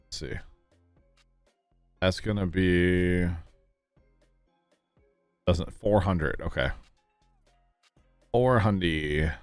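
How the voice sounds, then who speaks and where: A man's voice: sits low, very slow, pauses often, smooth, dry recording, soft background music. A man casually chatting with his viewers while streaming a farming game, rambling through folksy stories and asides. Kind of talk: casual livestream chat while playing.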